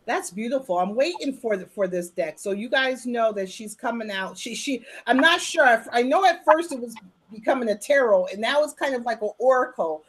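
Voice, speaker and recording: A woman's voice: fairly high pitch, animated, fairly quick, husky. A woman hosting a casual interview, prompting her friend with easy laughter. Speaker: host.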